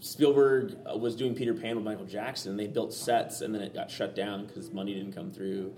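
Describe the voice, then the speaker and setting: A man's voice: on the low side, fairly even intonation, normal speed, noisy background. Rambling, laughing male podcast host. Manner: rambling storyteller, full of fillers, laughs often. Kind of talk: casual podcast chat.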